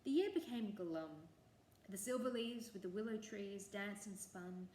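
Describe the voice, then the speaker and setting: A woman telling a traditional folk tale in an expressive, lilting storytelling way. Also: medium pitch, measured pace, a little hiss or hum. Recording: echoey room, faint ambience.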